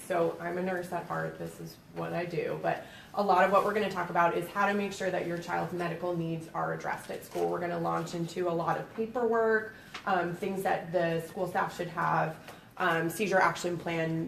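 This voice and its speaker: A woman with a Boston accent gives an educational talk as a nurse, explaining things in a friendly way with plenty of "um"s. Her voice has a gravelly edge. She is picked up from a distance in an echoey room, with faint noise underneath. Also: fairly low pitch. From Boston, USA. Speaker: pediatric epilepsy nurse presenter. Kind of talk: educational presentation. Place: library meeting room.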